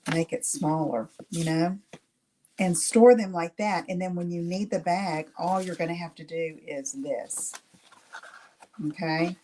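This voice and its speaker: A woman's voice: fairly low pitch, dark tone, slight background noise. A middle-aged woman hosting a live craft demonstration, chatting with viewers and checking in with "okay?" after each step. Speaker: craft tutorial host.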